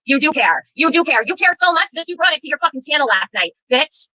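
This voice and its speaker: Woman, stream host, brash and profane, fast and bright, dry close sound. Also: high-pitched, sing-song, dry recording, lo-fi sound. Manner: confrontational, profane, demanding answers. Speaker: livestream host. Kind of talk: heated livestream argument.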